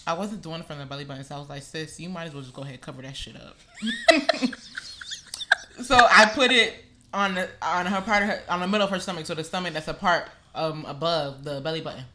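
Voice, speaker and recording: Young female co-host, bright forceful tone, lively and profane storyteller. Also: deep voice, fast, slight background noise. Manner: animated storytelling, swears freely. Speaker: podcast co-host. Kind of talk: casual chat.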